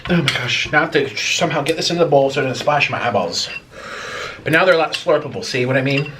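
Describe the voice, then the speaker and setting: A man's voice: medium pitch, fast, distant mic, background noise. A man vlogging while eating, talking dramatically and struggling to speak because his mouth burns from spicy food. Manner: dramatic, whiny complaining about spice. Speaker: mukbang vlogger. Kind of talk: casual eating vlog chatter.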